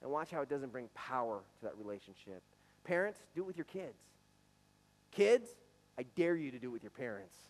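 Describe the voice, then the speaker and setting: A man's voice: medium pitch, very animated, fairly quick, low-quality recording. Earnest man preaching a sermon. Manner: conversational, earnest, with some stammered restarts. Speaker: pastor. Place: church sanctuary.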